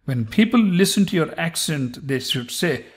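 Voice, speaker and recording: A man's voice: fairly high pitch, animated, normal speed. A man with an Indian English accent, giving an informal accent lesson who says a word and then jokes about it. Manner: lists words and riffs on each with humor. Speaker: accent coach.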